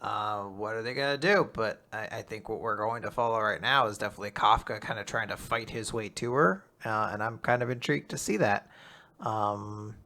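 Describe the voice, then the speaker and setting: A man's voice: fairly low pitch, fairly quick, pushed and bright. A man co-hosting a casual manga discussion, thoughtful and a little hesitant as he talks. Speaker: podcast co-host.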